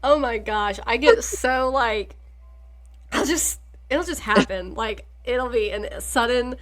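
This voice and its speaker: A woman co-hosting a book podcast, chatting in an animated way with lots of laughter and short replies. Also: fairly high pitch, slow. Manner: animated, laughing, warm back-channel replies. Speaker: podcast co-host. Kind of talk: casual chat.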